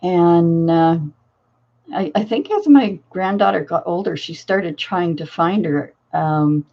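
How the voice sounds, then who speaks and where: A woman's voice: on the low side, takes it slowly, mellow, dull audio. An older woman, a grandmother and crafting channel host, telling a family story in a casual, rambling way full of fillers and restarts.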